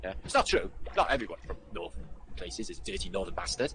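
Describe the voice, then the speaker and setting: Casting: a male livestream host, quick and bouncy in pitch, sardonic and sweary. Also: sing-song, fairly bright tone, slight background noise, low-quality recording. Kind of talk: casual livestream commentary.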